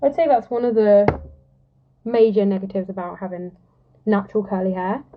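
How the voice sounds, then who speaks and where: A woman's voice: medium pitch, fairly even intonation, normal speed, background noise. A young woman chatting casually with viewers on a live stream while doing her makeup, giggly and talkative, greeting people by name. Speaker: musical theatre performer hosting a live stream. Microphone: phone held close. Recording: lo-fi phone live-stream audio.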